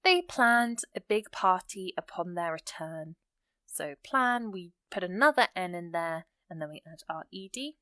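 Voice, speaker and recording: A woman teaching English grammar, explaining rules patiently and reading example sentences slowly with stressed key words. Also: on the low side, animated, sharp tone, no echo, clean studio sound.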